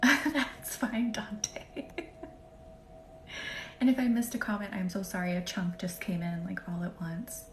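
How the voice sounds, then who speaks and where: Soft half-whispering woman in a roomy room. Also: mid-range voice, steady tone, measured pace, slight background noise. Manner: soft, often half-whispered, greets viewers by name. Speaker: reiki practitioner hosting a live stream. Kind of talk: casual live-stream chat with guided relaxation. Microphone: phone or webcam for live stream. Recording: roomy room with faint music.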